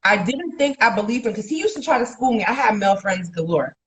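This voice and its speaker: A woman's voice: medium pitch, lively intonation, quick pace, a little hiss or hum, low-quality recording. A young adult woman co-hosting a casual podcast, speaking candidly and laughing as she tells stories about friendships. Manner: candid, laughs as she talks, quotes others in big voices. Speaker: podcast co-host. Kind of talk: casual chat.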